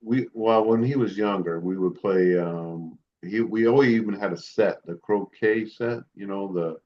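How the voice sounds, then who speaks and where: A middle-aged man on a podcast, voice pitched low, talking in a relaxed, rambling way full of pauses and restarts. His audio comes through dull and lo-fi, like a remote call. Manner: rambling, hesitant, many fillers and restarts. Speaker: podcast co-host. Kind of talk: casual chat.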